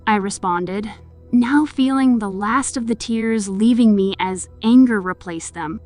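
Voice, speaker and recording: A woman's voice: medium pitch, a little slow, darkish tone. A woman narrating a horror story and voicing the heroine with emotion. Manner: emotional, voices the heroine's pleading lines. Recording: music in the background.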